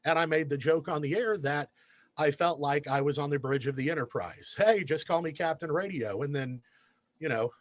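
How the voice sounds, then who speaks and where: Man, radio DJ, casual storytelling, self-deprecating, slightly high voice, dry sound. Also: normal speed, no echo. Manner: animated anecdote teller, self-deprecating. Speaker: radio DJ and news director, guest.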